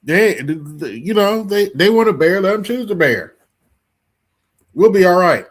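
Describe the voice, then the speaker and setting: A man's voice: high voice, sing-song, a little slow. Emphatic male livestream host. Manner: emphatic, repetitive, addresses audience directly. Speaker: streamer host. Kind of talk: casual commentary livestream.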